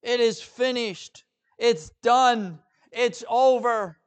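A man's voice: extremely high pitch, extremely slow, smooth, pitched above the performer's own voice, exaggerated voice. A male preacher speaking as a dying man in the first person, with solemn declarations of surrender.

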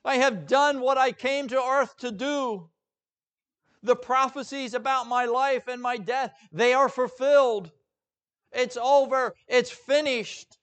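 A man's voice: very high voice, fairly even intonation, takes it slowly, a bit bright, pitched above the performer's own voice, heavily acted. A preacher voicing a dying man's solemn last words. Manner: solemn first-person declarations. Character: dying man surrendering, solemn, exhausted.

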